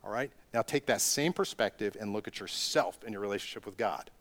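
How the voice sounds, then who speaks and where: A man's voice: fairly low pitch, fairly quick, fairly bright tone. A middle-aged man delivering a sermon as a pastor, asking rhetorical questions and rising into emphatic bursts.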